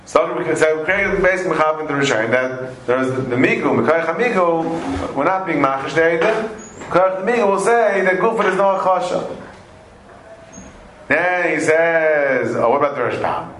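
A man's voice: on the high side, moderate pace. Man teaching a Talmud class in an echoey room. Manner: animated, repeats phrases, weaves in Aramaic and Hebrew terms. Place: classroom with students. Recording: echoey room, faint noise.

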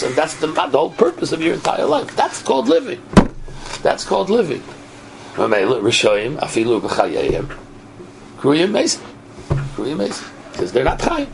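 Gravelly, animated man teaching Torah. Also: mid-range voice. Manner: animated, keeps asking "right?". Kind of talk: Torah lecture. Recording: noisy recording.

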